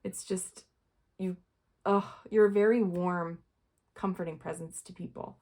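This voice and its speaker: A woman's voice: on the low side, fairly even intonation, a little slow, dark tone. A young woman giving a casual tarot reading to her viewers, chatty and rambling, full of fillers and little laughs. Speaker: tarot reader.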